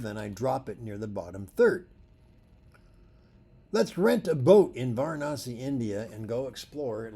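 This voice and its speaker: A man teaching photography in a presentation, telling stories with animated delivery and acting out the dialogue. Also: lowish voice, breathy edge. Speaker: photography instructor.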